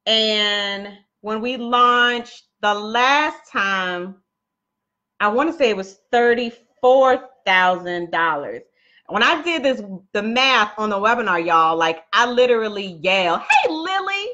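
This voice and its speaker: A woman's voice: mid-range voice, slow, pushed and bright, lo-fi sound. A woman coaching viewers on a casual live stream, chatty and laughing often, talking straight to her audience.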